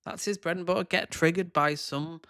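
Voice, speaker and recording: A man's voice: on the high side, steady tone, normal speed, a bit bright, smooth, dry recording, clean studio sound. A man giving reaction commentary on video clips, scornful and sarcastic in his asides.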